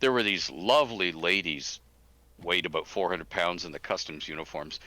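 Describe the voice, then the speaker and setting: An older man, a guest game designer telling animated anecdotes in a casual chat, often breaking into laughter. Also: low-pitched, normal speed, dry recording.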